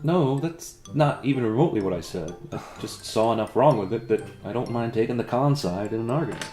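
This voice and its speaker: A man's voice: medium pitch, expressive, fairly quick, dark tone, echoey room, soft background music. A man in a comedy sketch, talking in a dry, sarcastic and critical way. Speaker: comedy video creator. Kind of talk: comedic self-debate sketch.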